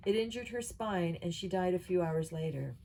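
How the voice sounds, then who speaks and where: A woman reads the part of a serious male announcer narrating a mission video, laying out grim facts evenly. The voice is mellow and a little low. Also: animated, normal speed, a little hiss or hum. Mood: grave.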